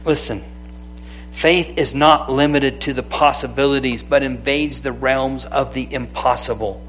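A man preaching a sermon, lively and conversational, calling out to people in the room by name. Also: mid-range voice, measured pace, a little hiss or hum. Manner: animated, calls out to people by name. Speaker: pastor.

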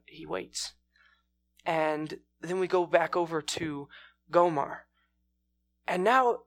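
A man telling a scripture story as a sermon, in a casual style with many pauses. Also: fairly high pitch. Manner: informal, with fillers and restarts.

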